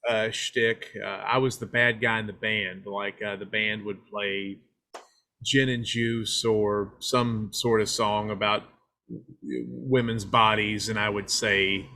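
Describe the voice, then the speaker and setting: A man's voice: fairly low pitch, steady tone, slow pace, pushed and bright, slight background noise. A man from Knoxville, Tennessee, chatting as a podcast guest in a rambling, self-deprecating, joking way. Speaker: guest filmmaker. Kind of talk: casual interview chat.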